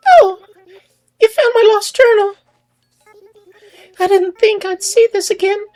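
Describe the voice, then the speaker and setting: A man voicing sweet female video game villagers in an exaggerated high falsetto. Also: slow pace, a little mellow, soft background music.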